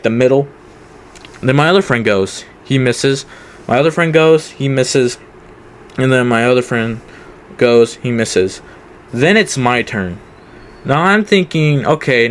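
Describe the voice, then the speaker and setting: Smooth-voiced young man telling a story. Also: mid-range voice. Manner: rambling, many fillers and restarts. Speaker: vlogger. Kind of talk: casual storytime.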